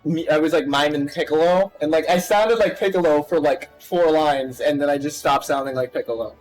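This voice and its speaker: A man's voice: a little high, brisk, darkish tone, soft background music, rough recording. A man chatting casually while playing a game, laughing often, swearing and cracking crude jokes.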